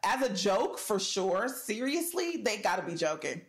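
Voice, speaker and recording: A mid-pitched woman from California talks in easy chat-show banter as a co-host. She states her opinions firmly and leans on fillers such as "like" and "I mean". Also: very animated, moderate pace. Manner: emphatic, opinionated, filler-heavy. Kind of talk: casual chat.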